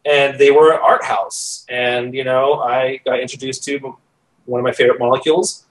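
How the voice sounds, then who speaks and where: A middle-aged man, a podcast guest, telling a personal story in a casual, animated way, acting out the voices he quotes. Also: medium pitch, moderate pace, distant mic, rough recording.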